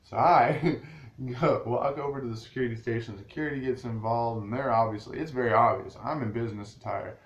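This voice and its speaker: A man's voice: mid-range voice, steady tone, brisk, highs cut off. A man vlogging straight to his viewers in a rambling, casual way, restarting his sentences often. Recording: echoey room with faint ambient noise.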